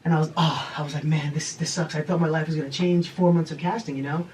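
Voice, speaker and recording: A man, a TV host, telling a lively anecdote and acting out the dialogue as a guest on a talk show. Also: fairly high pitch, quick pace, slight background noise.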